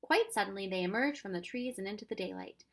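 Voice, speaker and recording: A woman reading a children's storybook aloud with expressive narration. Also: mid-range voice, fast talker. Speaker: reader.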